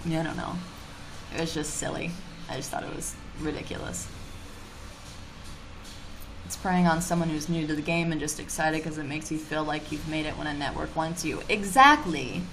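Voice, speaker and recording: A woman chatting on a livestream in a fairly low voice, blunt and animated, swearing freely as she vents. She sounds casual and unpolished. A faint background noise sits under her voice. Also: normal speed, vocal fry, long pauses. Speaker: YouTuber streaming live. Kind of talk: casual livestream chat reading comments.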